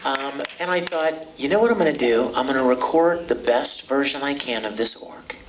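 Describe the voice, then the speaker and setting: On stage at a convention hall, a middle-aged male voice actor chats playfully with a fan crowd through a handheld mic, his mid-range voice moving at a moderate pace. He's an animated, joking storyteller, recorded from far back in the noisy audience.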